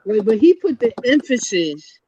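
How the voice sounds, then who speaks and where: A woman's voice: fairly high pitch, sing-song, normal speed, dark tone, slight background noise, poor audio. A woman on a casual podcast panel, teasing the others and giggling.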